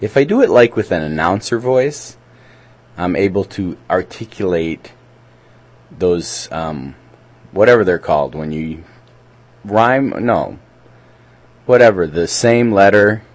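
A man's voice: deep voice, animated, measured pace, pauses often. A man co-hosting a community radio show, chatting casually and reading out local event listings in a rambling way. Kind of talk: casual radio chat and announcements.

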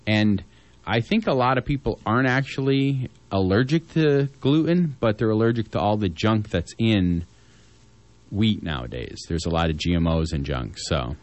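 A man's voice: fairly low pitch, moderate pace, a little mellow, muffled recording. Easygoing man reading community news. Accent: Southern Illinois. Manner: easygoing, joking, rambling asides. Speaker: community radio news co-host. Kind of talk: casual on-air chat and listings.

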